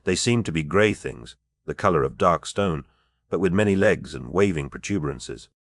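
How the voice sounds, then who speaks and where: A man narrating a fantasy audiobook in a measured, even reading style. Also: deep voice, no room sound, clean studio sound. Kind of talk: scripted narration.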